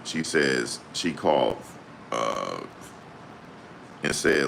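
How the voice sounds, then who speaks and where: A man giving slangy, excitable reaction commentary on a trial, exclaiming and repeating his points. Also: extremely low pitch, unhurried, vocal fry, a little hiss or hum.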